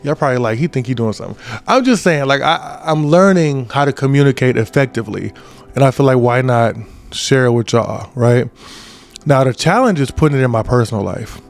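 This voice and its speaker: A man in his twenties giving a casual motivational talk as a podcast host, often checking in with "right?". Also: medium pitch. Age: 20s. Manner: conversational, repeats "right?" often.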